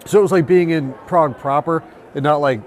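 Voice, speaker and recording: A man, a tattoo artist, telling travel stories in casual chat, animated and profane. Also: fairly high pitch, brisk. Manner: profane, animated storytelling with quoted voices. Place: busy tattoo convention.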